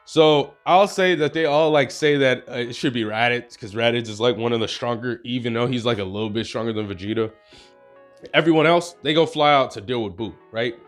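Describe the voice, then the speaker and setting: A man's voice: medium pitch, fairly quick, faint music behind. A young man casually telling a fan-made story, rambling and slangy, full of "bro" and "like".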